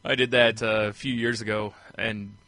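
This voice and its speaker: A man co-hosting a podcast in casual chat, teasing his co-host with quick interjections. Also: lowish voice, flat delivery, pushed and bright.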